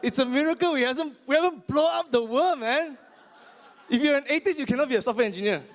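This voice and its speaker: A man's voice: extremely high pitch, fast, some chatter behind. A man performing a stand-up comedy set with punchy, exaggerated delivery.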